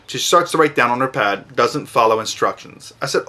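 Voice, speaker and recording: A middle-aged father explains to camera how to talk with a child. His voice has a bright, ringing edge. He speaks slowly and deliberately, stressing each word clearly, his pitch sitting right in the middle for a man. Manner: slow, deliberate, emphatic enunciation. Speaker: parent giving advice.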